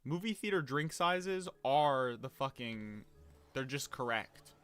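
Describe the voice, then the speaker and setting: This young adult man from the US takes it slowly, his medium-pitched voice animated, fairly bright and smooth. Streaming from home while gaming, he keeps up casual chat, rambling, swearing, getting easily flustered and mocking himself.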